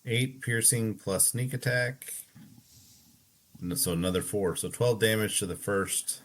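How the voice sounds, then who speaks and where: A man with a deep, low voice plays a tabletop game, calling out rolls and actions in a matter-of-fact way. He thinks aloud as he goes. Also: a little slow, a little hiss or hum. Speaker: player. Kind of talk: casual tabletop game play.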